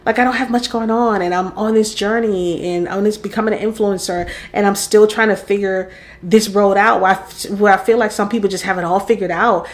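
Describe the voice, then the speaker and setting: A woman's voice: mid-range voice, steady tone, brisk. A woman in her forties talking candidly in a personal vlog, reflective and openly vulnerable, admitting she rambles as she thinks aloud. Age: 40s. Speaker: content creator and podcaster.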